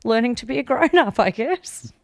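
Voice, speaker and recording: A woman's voice: fairly high pitch, animated, moderate pace, dry recording, clean studio sound. A young adult woman, co-hosting a podcast in a candid, casual chat, laughing often. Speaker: podcast co-host.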